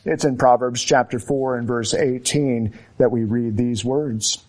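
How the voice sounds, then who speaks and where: Slow, measured male preacher. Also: mid-range voice, steady tone. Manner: measured, emphatic preaching with deliberate repetition. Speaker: pastor. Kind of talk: sermon.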